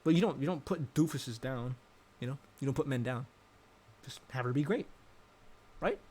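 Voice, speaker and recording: A man's voice: mid-range voice, moderate pace, darkish tone, slightly rough. A young adult man giving casual, rambling commentary, thinking aloud and correcting himself as he goes. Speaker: vlogger.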